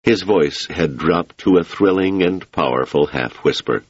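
Deep gravelly guy reading a story, husky, dull dry recording. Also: measured pace, no echo. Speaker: audiobook narrator. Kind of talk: scripted narration.

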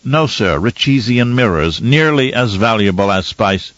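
A man's voice: fairly low pitch, lively intonation, measured pace, a bit bright, dry recording, highs cut off. Man voicing an anxious pleading scientist. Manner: earnest, pleading.

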